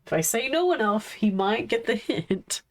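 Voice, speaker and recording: A woman's voice: on the high side, sing-song, normal speed. A woman streaming live, chatting casually and coaxing and playfully scolding her pets.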